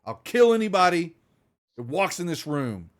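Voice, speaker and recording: A man's voice: fairly high pitch, sing-song, unhurried, fairly bright tone, voice pushed up, heavily acted. A man voicing a frightened male doctor who pleads shakily and desperately to be left to save a patient.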